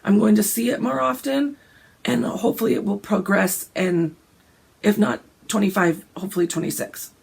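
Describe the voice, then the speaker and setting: A woman, hoarse and gravelly from a cold, chatting casually about her cross-stitch plans and often clearing her throat. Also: steady tone, moderate pace, a little mellow. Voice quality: gravelly, deep. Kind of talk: casual chat.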